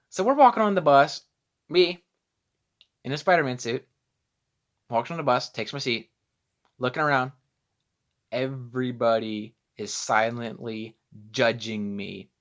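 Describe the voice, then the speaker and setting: A young man vlogging casually, rambling and self-deprecating as he loses his train of thought. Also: mid-range voice. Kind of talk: casual vlog storytelling.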